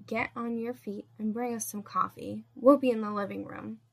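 A woman's voice: on the high side, fairly even intonation, normal speed, vocal fry. A woman reading as a contemptuous, bossy woman. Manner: barking orders, insulting. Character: domineering woman, harsh and contemptuous.

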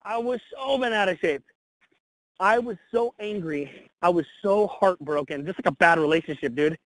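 High-voiced, blunt man telling his story. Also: moderate pace, no echo, poor audio. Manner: blunt, energetic, casual swearing. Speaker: guest. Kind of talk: candid interview storytelling.

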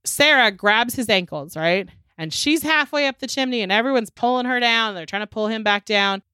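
A woman's voice: fairly high pitch, moderate pace, clear, resonant tone, no echo. A woman hosting a podcast, casually recapping a movie with lots of swearing and acted-out lines. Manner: animated, swears freely, acts out characters' lines. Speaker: podcast host.

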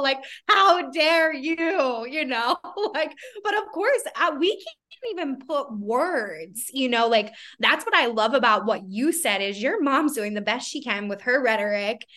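A woman's voice: high-pitched, pushed and bright. A woman hosting a podcast who talks in a reflective, casual way, laughing easily and often saying "you know". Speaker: podcast host.

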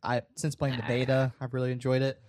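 A man on a podcast talks with enthusiasm about his interests. His voice sits at a middle pitch and sounds close and dry. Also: monotone, fast, darkish tone, dry recording. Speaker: podcast co-host. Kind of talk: casual chat.

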